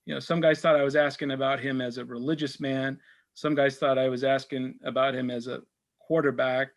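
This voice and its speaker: A middle-aged sportswriter talking casually to a church supper group, telling anecdotes with many fillers and restarts. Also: male voice, mid-range voice. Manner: rambling, full of fillers and restarts; tells anecdotes, acts out quoted exchanges. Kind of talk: casual talk and Q&A.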